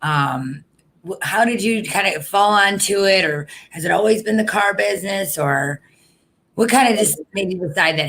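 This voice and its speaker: A woman's voice: mid-range voice, normal speed, fairly bright tone. A woman hosting a casual interview, talking in an informal, candid way with frequent fillers. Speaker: interview host.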